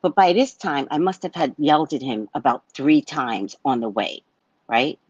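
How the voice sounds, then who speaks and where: A woman's voice: low-pitched, moderate pace, slightly rough, dry recording, highs cut off. A woman telling a personal story in a casual monologue, blunt and swearing freely as she acts out a heated argument. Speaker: psychic reader sharing a personal story.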